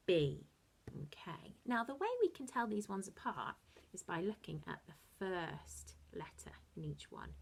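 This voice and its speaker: A woman teaching young children their phonics, with an unhurried, lilting delivery. Her pitch swoops up and down lively as she praises and coaxes. Now and then she drops to a soft, secretive aside. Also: gravelly, slightly rough. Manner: slow, sing-song and encouraging, with sudden soft asides. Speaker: early-years teacher.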